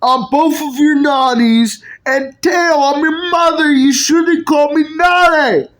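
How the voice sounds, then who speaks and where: A woman's voice: high-pitched, slow. Woman doing Nani, a scolding mother. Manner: scolding, curt. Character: bossy exasperated mother figure, Nani.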